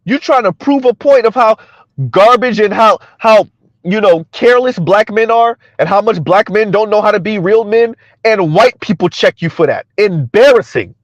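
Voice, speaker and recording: High-voiced blunt man lecturing. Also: moderate pace, dry recording. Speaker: commentary channel host. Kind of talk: casual social media commentary. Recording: dry, dull lo-fi sound.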